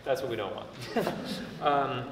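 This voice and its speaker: A man's voice: medium pitch, a little slow, a crowd in the background. A man teaching a violin master class, giving constructive feedback and thinking aloud with frequent restarts. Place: concert hall, indoors. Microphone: distant room mic. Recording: echoey hall from far off. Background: violin and piano playing.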